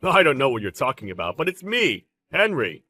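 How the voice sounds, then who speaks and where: An actor playing a brash, clueless ex-husband who gets defensive and whiny. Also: male voice, medium pitch, very animated, a little fast, bright, forceful tone, no echo, soft background music. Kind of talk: audio drama acting.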